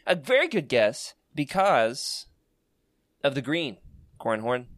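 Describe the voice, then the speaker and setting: A man's voice: mid-range voice, sing-song, slow pace, fairly bright tone, no echo, clean studio sound. A man with an Arkansas accent hosting a casual chat show, teasing his co-hosts and laughing often. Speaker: podcast host.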